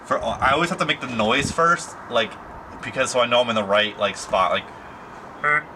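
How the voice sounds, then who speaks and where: Rambling young man over steady noise. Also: medium pitch, fairly quick. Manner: rambling, filler-heavy, slangy. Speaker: vlogger. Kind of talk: casual chat to camera.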